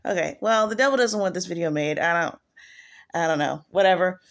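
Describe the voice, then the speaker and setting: A woman with a lowish voice, an online prophetess, preaches casually and briskly in a home video. She rambles and digresses, often restarting her sentences.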